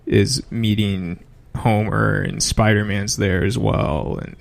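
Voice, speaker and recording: A man co-hosting a podcast in casual chat, measured and deadpan. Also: lowish voice, creaky. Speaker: podcast co-host.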